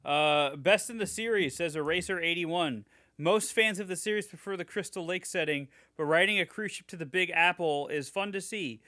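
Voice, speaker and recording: A man's voice: high-pitched, normal speed, sharp tone, no room sound, studio quality. A young man co-hosting a podcast, reading fan reviews aloud in a mock-enthusiastic way, swearing casually. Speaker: podcast co-host.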